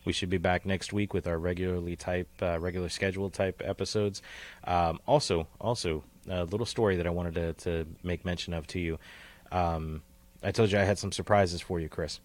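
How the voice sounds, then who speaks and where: A man's voice: deep voice, steady tone, fairly quick. A man co-hosting a casual podcast, rambling and profane, often trailing into tangents and laughing at himself. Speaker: podcast co-host.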